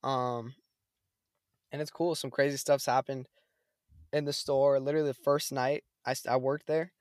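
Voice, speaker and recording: A young man chatting casually, telling a story in a lively, slangy way. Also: mid-range voice, normal speed, no echo, studio quality. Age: young adult. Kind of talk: casual chat.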